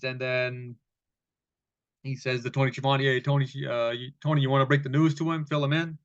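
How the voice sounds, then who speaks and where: A man's voice: mid-range voice, level tone, a little fast. A man recaps last night's wrestling in a loose, rambling way, swearing freely and laughing at the silly bits. His voice sits mid-range and comes through a dull, lo-fi recording. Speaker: wrestling show reviewer. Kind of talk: casual recap commentary.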